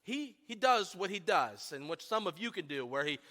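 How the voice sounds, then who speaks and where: A man preaching a sermon, telling self-deprecating funny stories about himself to a church congregation in an animated way. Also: high voice, moderate pace. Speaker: pastor. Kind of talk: humorous sermon storytelling. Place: church sanctuary. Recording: long church hall reverb.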